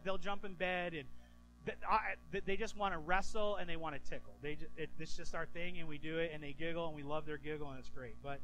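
A man in his thirties, a pastor preaching a sermon, telling stories with lively restarts and stammers. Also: high-pitched, low-quality recording. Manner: animated storytelling, stammering restarts.

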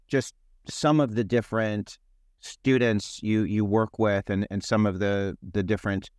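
A man's voice: lowish voice, clear, resonant tone, dry recording, clean studio sound. A man hosting a podcast interview, talking in a loose rambling way with repeated words and restarts. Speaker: podcast host. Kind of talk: conversational interview.

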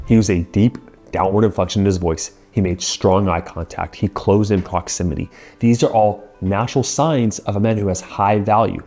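A male marriage coach speaks earnestly and assertively to the viewer. His voice is low, warm and a little husky. Soft music plays faintly behind him. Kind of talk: advice monologue to the viewer.

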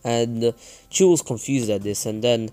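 A man's voice: medium pitch, normal speed, warm tone, clean tone, soft background music. A man casually retelling a fan story, rambling and correcting himself, with jokes and asides. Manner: rambling, self-correcting, joking.

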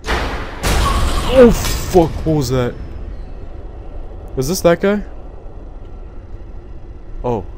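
A young man narrates his horror game run in an easy, drawn-out way, mid-pitched and casual. He mocks the scares, swears freely and chats to the monsters. A light noise floor sits under the voice. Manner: jokey, swears a lot, talks to game figures. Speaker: gaming YouTuber. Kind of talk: horror game let's play commentary.

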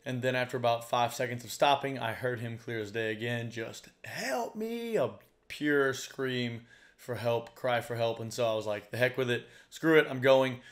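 A man who hosts a fishing channel, telling a story to camera in a chatty way, full of "like" and "you know.". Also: medium pitch. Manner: chatty, lots of "like" and "you know", animated when retelling. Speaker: fishing guide and channel host.

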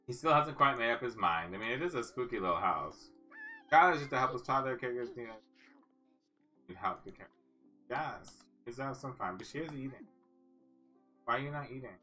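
A woman's voice: very deep voice, expressive, brisk, long pauses, bright, forceful tone, soft background music. A woman giving casual let's-play commentary, chatty and cooing at the game characters. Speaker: gaming channel host.

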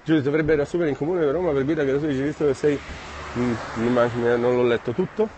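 A man with an Italian accent chats to viewers in a loose, friendly way, stopping to search for words as he walks along city streets. His pitch sits in the middle range for a man. His phone picks up faint outdoor sounds and a passing vehicle now and then. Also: steady tone, dark tone, lo-fi sound, slight background noise. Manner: friendly, chatty, halting non-native phrasing. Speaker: live streamer. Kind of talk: casual live-stream chat, reading viewer comments.

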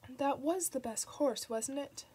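A woman's voice: high-pitched, unhurried, dark tone, voice pushed up. A woman voicing a fussy, anxious male angel in an audiobook, flustered and apologetic. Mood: fretful. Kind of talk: audiobook reading.

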